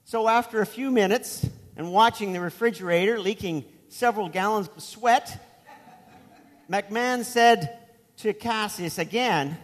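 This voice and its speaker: A man's voice: high voice, measured pace, big-room sound. A man preaching a sermon as pastor, telling a story in a conversational way with asides.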